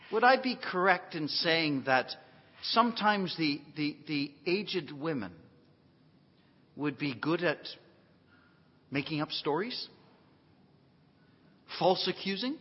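A man preaching a sermon, swinging from quiet folksy asides to emphatic near-shouts, with self-deprecating humor. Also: a little high, animated, takes it slowly, long pauses, breathy edge. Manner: emphatic, rising to near shouts on key phrases. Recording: dull lo-fi recording in a long-reverb hall.

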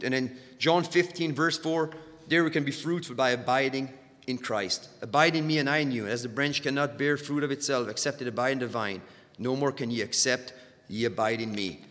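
A man preaching a sermon with a middle-pitched voice. He trips over repeated words as he builds, pushing harder on the lines he wants to land. The sound rings with a long reverb, as in a large hall. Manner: repeats words when stirred, surges louder on key points.

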